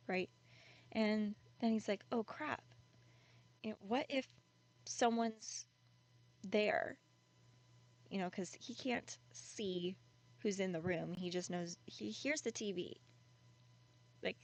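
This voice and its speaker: A woman's voice: mid-range voice, gravelly, a little mellow. A woman casually retelling a creepy story in a chatty, conversational way with many fillers.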